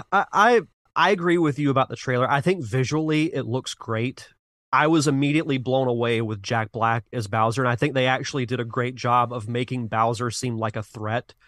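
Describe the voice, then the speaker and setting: A man's voice: mid-range voice, a bit bright, no echo, studio quality. A man hosting a retro gaming podcast in casual chat, earnest and rambling, with restarts and sighs. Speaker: podcast host.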